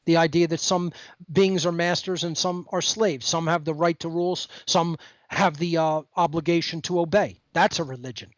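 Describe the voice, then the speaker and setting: A man's voice: fairly high pitch, fairly even intonation, moderate pace, no room sound, dull audio. A man as the guest on a podcast, talking in an emphatic, lecturing way over a remote call. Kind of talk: podcast conversation.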